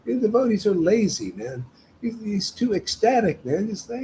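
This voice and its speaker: A man's voice: high-pitched, very animated, moderate pace, mellow, a little hiss or hum, rough recording. A man leading a devotional meetup, preaching in an emphatic, casual way and often tagging his sentences with "man". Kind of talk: informal devotional sermon.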